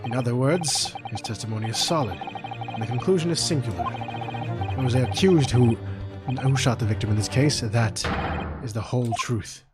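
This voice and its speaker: Man voicing a haughty prosecutor, measured formal delivery, game music behind. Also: mid-range voice, natural voice. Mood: cold, assured.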